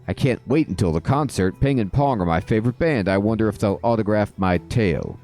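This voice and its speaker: A man voicing an excitable young seal gushing about a band. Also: lowish voice, brisk, faint music behind. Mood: eager.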